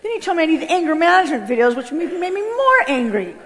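A woman giving an animated personal testimony and acting out the voices of others. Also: extremely high pitch, quick pace, a faint crowd. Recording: long hall reverb.

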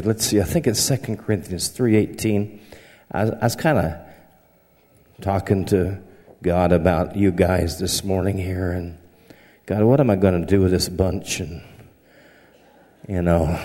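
A man's voice: low voice, darkish tone. A man from the American South preaching with a Southern accent, folksy and humorous, telling anecdotes. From southern United States. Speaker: pastor. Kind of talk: sermon. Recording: long hall reverb.

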